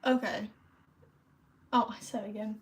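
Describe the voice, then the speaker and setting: A woman's voice: medium pitch, steady tone, unhurried. A woman streaming as she crafts, chatting casually, teasing herself and repeating words as she thinks aloud. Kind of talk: casual livestream chat.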